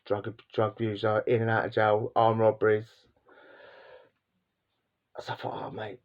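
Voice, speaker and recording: A man's voice: fairly low pitch, completely flat delivery, unhurried, clean tone, highs cut off. A man vlogging, telling casual stories in a rambling, slangy way with lots of repeats and restarts. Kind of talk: casual storytelling monologue.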